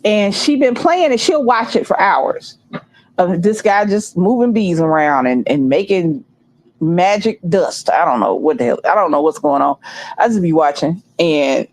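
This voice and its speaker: A woman's voice: fairly low pitch, lively intonation, a little slow, a little mellow, rough recording. A middle-aged woman hosting a livestream, rambling and chatting straight to her viewers in a casual, unscripted way. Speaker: livestream host.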